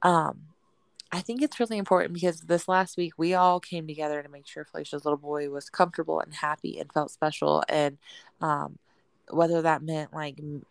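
A woman co-hosting a podcast who tells animated family stories, acting out the quotes, and encourages listeners. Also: sits low, gravelly, no echo. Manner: animated storyteller, acts out her family in quotes. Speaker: podcast co-host. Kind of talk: casual chat and encouragement.

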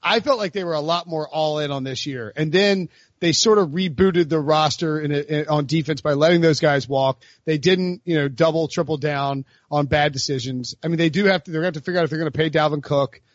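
A man's voice: a little high, a little fast, dry recording, lo-fi sound. A man hosting a casual sports talk show, rambling with many fillers and restarts. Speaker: host.

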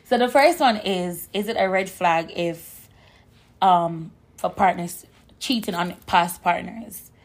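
A woman with a slightly low, hoarse voice co-hosts a casual podcast. She chats in a lively, rambling way, full of fillers as she sets up stories. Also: takes it slowly. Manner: chatty, animated storyteller with frequent fillers. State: hoarse from shouting. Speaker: podcast co-host. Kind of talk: casual chat.

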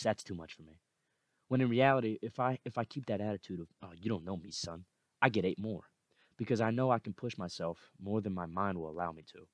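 Earnest young man, low dry voice. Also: dry recording. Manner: earnest, repetitive, fired up. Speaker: podcast host. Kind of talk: motivational podcast monologue.

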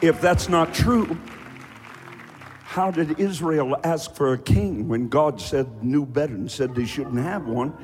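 A man preaching a sermon, fervently shouting and chanting some lines. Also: fairly high pitch, takes it slowly, a faint crowd. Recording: faint music behind.

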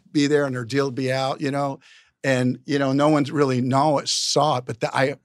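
A man's voice: mid-range voice, level tone, normal speed, no echo. Rambling man telling a story, dry sound. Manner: rambling, stop-start delivery with many repeated words. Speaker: guest. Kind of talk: casual anecdotal storytelling.

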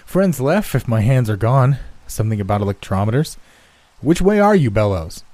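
A man's voice: medium pitch, very animated, normal speed, mellow, no room sound, natural voice. A man voicing a dazed, frightened male lab scientist who rambles in bewilderment. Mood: bewildered.

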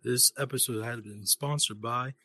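A man hosting a podcast, asking quick, loose questions in casual chat. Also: medium pitch, steady tone, pushed and bright, slightly rough, no room sound. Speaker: podcast host.

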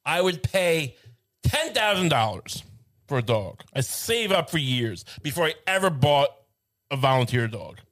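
A man's voice: a little high, very animated, unhurried, fairly bright tone. A man co-hosting a casual comedic chat, ranting in long rambling runs with stammered restarts. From United States.

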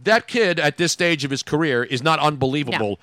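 A man's voice: on the high side, lively intonation, fairly quick, pushed and bright, no echo, clean studio sound. A male radio host in wisecracking, emphatic morning banter, often talking over his co-host.

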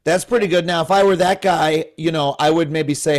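A man's voice: fairly high pitch, fairly even intonation, a little fast. A man in his thirties, a comedian guest on a podcast, talking in an impassioned, profane, rambling way. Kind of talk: animated podcast conversation.

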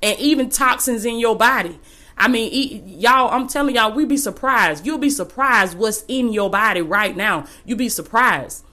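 Woman motivational speaker, slightly high voice, preachy and colloquial, hammers points home by repeating them. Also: normal speed, sharp tone. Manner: preachy and exhorting, repeats phrases for emphasis; casual and colloquial, addresses listeners as y'all. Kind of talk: faith-based motivational talk.

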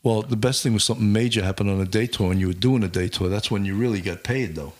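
A man's voice: on the low side, rapid-fire. A man, a former detective, chatting and trading stories about police work. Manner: conversational, chiming in, profane. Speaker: retired detective. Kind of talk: casual storytelling chat.

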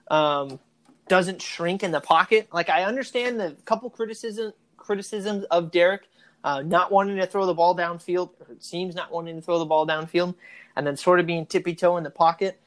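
A podcast co-host in casual sports talk, chatty and animated, arguing points at length. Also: medium pitch.

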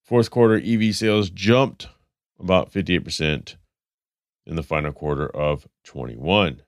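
Man, deep voice, stuffed-up nose, casual car news host, dry close sound. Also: measured pace, no echo. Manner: rambling, self-correcting, reading stats then riffing. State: stuffed up, congested. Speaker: podcast host.

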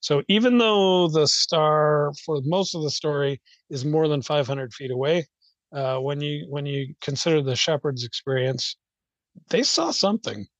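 A man's voice: on the high side, measured pace, no room sound, muffled recording. A man explaining at length in loose, unscripted talk, hesitant and rambling, with many fillers and restarts. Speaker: guest.

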